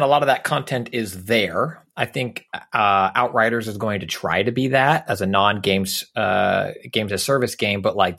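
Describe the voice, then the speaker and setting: A man's voice: fairly low pitch, a bit bright. A man co-hosting a podcast, thinking aloud in a casual, considered way. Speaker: podcast co-host. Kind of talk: casual chat.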